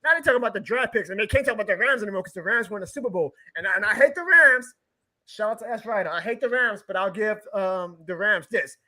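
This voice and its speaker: A man's voice: sits high, animated, fast, bright, forceful tone. A man hosting a live sports stream, ranting with profanity and laughing often. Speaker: podcast host.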